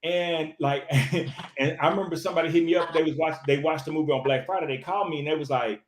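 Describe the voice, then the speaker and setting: A man, an actor, talking casually in an interview, animated and full of restarts and fillers. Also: fairly high pitch, fast, roomy sound, low-quality recording. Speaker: actor, podcast guest.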